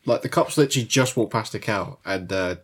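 Low-voiced man with dry quips. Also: brisk, fairly bright tone, slightly rough. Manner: dry quips and agreeing interjections. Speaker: podcast co-host. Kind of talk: casual movie chat.

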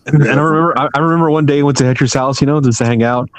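Fast-talking profane teasing man. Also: medium pitch, no echo. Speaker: podcast co-host. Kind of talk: casual banter.

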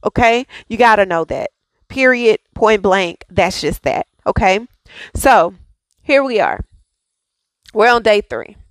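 A woman's voice: mid-range voice, animated, slow pace, pauses often, no echo. A woman hosting a daily devotional, speaking with fervent, repetitive affirmations and casual asides to her listeners. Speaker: devotional host.

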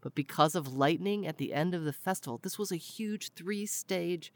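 A woman's voice: lowish voice, normal speed. A woman hosting a podcast, chatting casually with a teasing, jokey manner. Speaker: podcast host.

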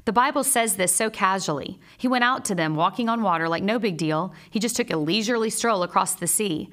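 A woman who is a Bible teacher and a mother gives a scripted devotional lesson in an earnest, steady, measured way. Her pitch is ordinary and mid-range, and she blends personal stories with scripture.

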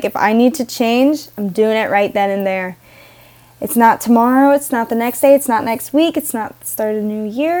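A young woman hosts her own podcast in a warm, medium-pitched voice. She talks casually and rambles, interrupting herself and giggling often.

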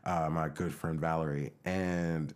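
A man with a low voice tells a long, animated story in casual podcast chat. He jumps into the voices of the people he quotes and keeps the anecdote rolling. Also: measured pace. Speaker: podcast co-host.

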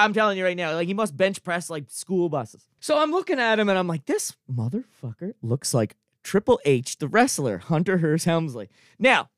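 A man with a Cape Breton accent tells a funny story in a loose, animated way, peppered with swearing, laughter and "like." His voice sits high and rings smooth and clear. The sound is close and dry, with no room around it. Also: no echo. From Cape Breton, Canada. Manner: animated, profane, laughs often, fills with "like" and "I'm telling you". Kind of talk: casual comic anecdote.

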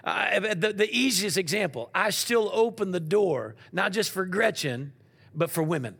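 Pastor guy preaching, high and bright, gravelly and husky, keeps asking the crowd questions. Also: moderate pace. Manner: animated preaching with call-and-response questions. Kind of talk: sermon.

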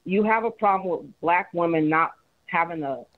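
A woman's voice: fairly low pitch, normal speed, dry recording. A woman calling in to a talk show, insistently pressing her question. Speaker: caller. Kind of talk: call-in debate. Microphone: telephone. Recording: tinny phone line.

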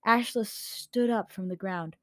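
A woman reads a story aloud at an even middle pitch, casual and now and then stumbling on a word. The home microphone gives a close, dry sound with no room echo. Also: a little slow. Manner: casual, with slips and corrections. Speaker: story reader. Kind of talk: reading her own story aloud.

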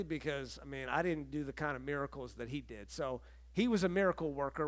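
A man's voice: on the high side, brisk. A middle-aged man preaching a sermon as pastor, telling stories in a conversational way and acting out the quotes. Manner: conversational storytelling, acts out quotes.

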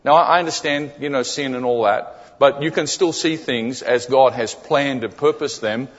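A man's voice: medium pitch, normal speed. A man preaching a sermon in a church as a guest speaker. He keeps it conversational, checks in with the congregation often, and repeats key phrases for emphasis. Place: church sanctuary. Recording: echoey hall, dull lo-fi sound.

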